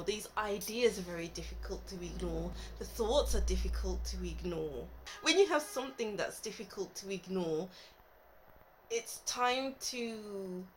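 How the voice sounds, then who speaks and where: A woman talks through a tarot spread in a casual, musing way, pausing to think aloud as she goes. Her voice sits at a middling pitch, and a faint hiss runs under the recording. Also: rough recording. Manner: thinking aloud, musing, trailing off mid-thought. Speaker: tarot reader. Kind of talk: casual tarot reading to camera.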